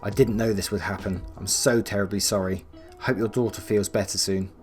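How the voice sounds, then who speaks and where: A man's voice: lowish voice, steady tone, a little fast, darkish tone, faint music behind, natural voice. A man voicing a blunt, firm fellow passenger in a read-aloud story. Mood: apologetic.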